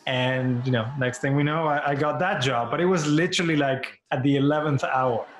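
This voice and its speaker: A man's voice: medium pitch, brisk, roomy sound, a crowd in the background. A man from Argentina being interviewed as an actor guest, chatting casually and animatedly, laughing often and restarting his phrases.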